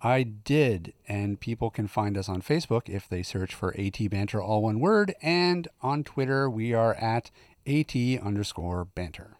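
A man's voice: lowish voice, lively intonation, measured pace, a little mellow, dry recording. Jokey male podcast host, dry sound. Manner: jokey, laughs often. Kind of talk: casual chat.

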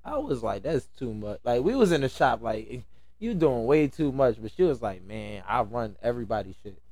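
Dry, lively-voiced young man chatting. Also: medium pitch, normal speed, no room sound. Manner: laid-back storytelling with loud laughs. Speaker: podcast co-host. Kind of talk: casual chat.

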